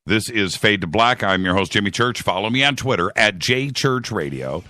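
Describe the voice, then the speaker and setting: A man hosting a radio show, speaking in a heartfelt, halting way with frequent restarts. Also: lowish voice, animated, bright, forceful tone. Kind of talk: heartfelt monologue.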